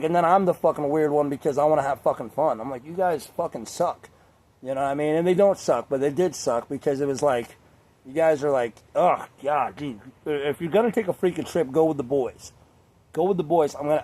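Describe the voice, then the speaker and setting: A young man talking casually to camera in a crude, rambling way, laughing often and mimicking others in high voices. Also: warm tone. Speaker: vlogger.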